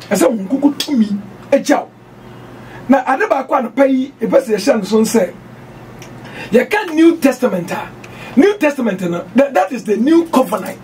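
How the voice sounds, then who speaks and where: Ghanaian guy preaching hard, really high voice, kinda far from the mic. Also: slight background noise. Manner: emphatic, switching between Twi and English, bursts of shouting. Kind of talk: preaching on doctrine.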